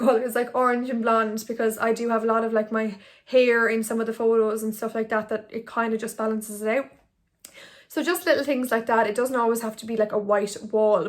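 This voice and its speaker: A young woman, an Instagram blogger giving tips in a chatty, rambling vlog to a phone camera. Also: fairly high pitch. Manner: chatty, rambling, filler-heavy. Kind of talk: casual talking-head vlog. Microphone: phone on ring light.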